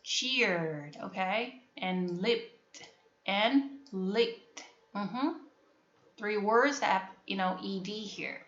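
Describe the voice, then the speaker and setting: A woman with a Korean accent, a native Korean speaker, teaching an English phonics lesson to a class, repeating words slowly and checking that students understand. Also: mid-range voice, a bit bright. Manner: repetitive, drills words and asks if students understand. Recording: echoey classroom, dull lo-fi sound.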